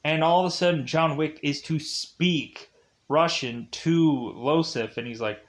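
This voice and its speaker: A man's voice: on the high side, measured pace. A man giving a casual movie review, rambling and digressive, with constant fillers like "like" and "uh". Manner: rambling and digressive, heavy use of "like" and "uh".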